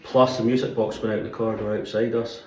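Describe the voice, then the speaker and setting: A man's voice: on the low side, level tone, quick pace, reverberant, distant mic. A man investigating hauntings, chatting casually and affirming his partner. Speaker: paranormal investigator. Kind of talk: casual recap chat.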